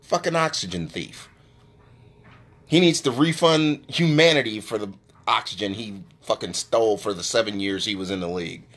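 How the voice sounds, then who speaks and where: A man hosting a live stream, ranting brashly and profanely in casual trash talk, with his voice often jumping high when he gets worked up. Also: moderate pace, fairly bright tone. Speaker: live-stream sports show host. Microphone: phone.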